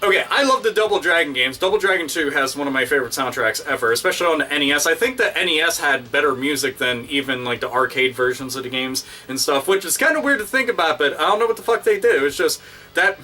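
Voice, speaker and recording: A man hosting his own video, ranting casually and excitedly with constant swearing and crude exaggeration. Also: fairly high pitch, fast, distant mic. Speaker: video host. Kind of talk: casual profane rant.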